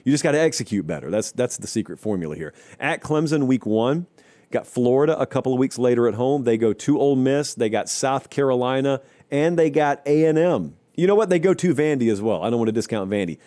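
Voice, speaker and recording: A man's voice: medium pitch, fairly quick. A man hosting a college football talk show, talking through the season in an emphatic, wry way with mocking asides. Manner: emphatic, rising to animated stretches when running through schedules. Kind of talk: solo sports talk commentary.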